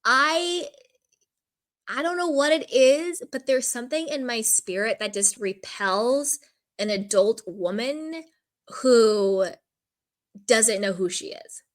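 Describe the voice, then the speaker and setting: A woman with a higher-leaning voice talks slowly while giving her candid take on a reality show. She's casual and opinionated, dropping "like" constantly as she shares frank views.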